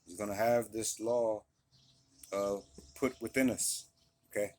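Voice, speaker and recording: A man's voice: on the low side, fairly even intonation, unhurried, darkish tone. A man leading a casual Bible study, reading scripture aloud and then explaining it in loose, conversational talk, often checking in with his listeners. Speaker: Bible teacher.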